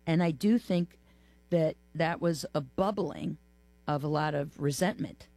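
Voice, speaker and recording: A memoir author as a studio interview guest, speaking in a halting, heartfelt way with many pauses. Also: medium pitch, vocal fry, darkish tone, no room sound, faint music behind. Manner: halting, heartfelt, pausing often.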